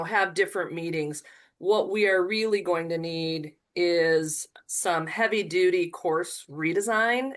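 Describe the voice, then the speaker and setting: Low-voiced woman speaking earnestly on a video call. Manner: earnest, thinking aloud with many "you know" fillers. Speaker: conference presenter, educator. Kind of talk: online conference presentation.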